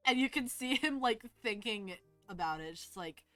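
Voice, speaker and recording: A woman narrating a tabletop game as game master in a relaxed, amused way. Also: a little high, moderate pace, no room sound, faint music behind.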